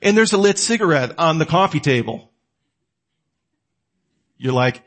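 Male teacher, slightly high voice, conversational lecture, animated, talks straight to the listener with questions he answers himself. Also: unhurried. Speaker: apologetics teacher.

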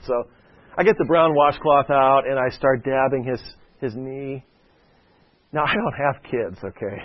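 Male preacher at a medium pitch, chatty and anecdotal, on a dull lo-fi recording. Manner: conversational, often adds "okay?". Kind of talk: sermon with a personal story. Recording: dull lo-fi sound.

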